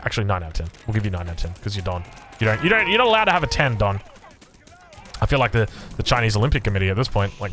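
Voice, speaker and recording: A man's voice: medium pitch, fairly bright tone. An Australian man casting a strategy game match solo, chatty and jokey, with frequent fillers and restarts. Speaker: esports caster. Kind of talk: solo play-by-play game commentary.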